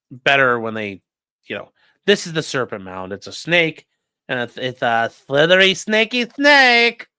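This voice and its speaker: Male streamer, lively bright voice, rambling and profane, dry close mic. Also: medium pitch, no echo. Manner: rambling, swears, lots of fillers. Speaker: streamer reading chat. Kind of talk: casual live-stream chat.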